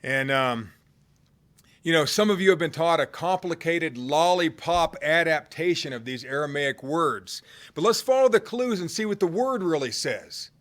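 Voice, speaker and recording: Man preaching with dramatic loud-soft swings. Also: lively intonation, normal speed. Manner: dramatic swings from loud cries to hushed low tones; conversational, with fillers and restarts. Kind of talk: sermon.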